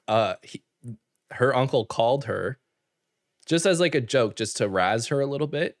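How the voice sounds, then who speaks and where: A young man from Canada telling an animated story on a casual podcast, full of fillers and quick asides. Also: medium pitch, dry recording, clean studio sound. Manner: animated storyteller, fast filler-heavy talk with laughs. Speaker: podcast co-host. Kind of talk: casual chat.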